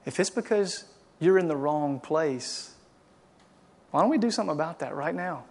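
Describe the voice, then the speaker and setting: A male pastor preaching to a congregation and leading a prayer, swinging from loud impassioned exhortation to quiet, hushed pleading. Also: fairly high pitch, lively intonation, normal speed. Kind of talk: sermon and closing prayer. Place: church service.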